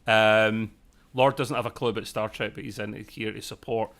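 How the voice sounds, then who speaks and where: A man's voice: on the low side, fairly even intonation, normal speed, creaky, a bit bright. A man co-hosting a casual live discussion, rambling and self-correcting with jokey asides. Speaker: podcast co-host.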